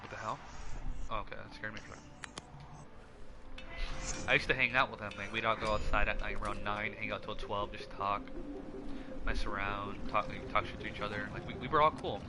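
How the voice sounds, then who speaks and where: A man's voice: on the low side, steady tone, fairly quick, long pauses, background noise. A young man streaming a game, telling a story in a rambling, profane, self-mocking way. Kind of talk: casual storytelling over gameplay. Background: game music.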